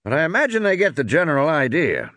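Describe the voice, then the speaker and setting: A man voicing a gruff, drunken male game warden who bellows and blusters. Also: on the high side, sing-song, fast, no echo, pitched above the performer's own voice. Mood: bellowing. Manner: loud, bellowing.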